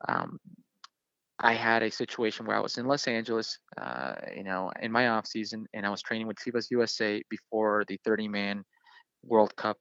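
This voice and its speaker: A man's voice: fairly low pitch, normal speed, creaky, a bit bright, no room sound, muffled recording. A man in his thirties, a soccer player, animatedly telling a story in an interview with lots of fillers. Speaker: guest, professional soccer player.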